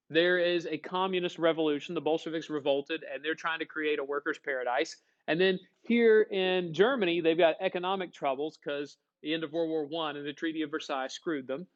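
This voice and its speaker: A man's voice: on the high side, lo-fi sound. A male history teacher giving a chatty classroom lecture, asking the class questions in a folksy way.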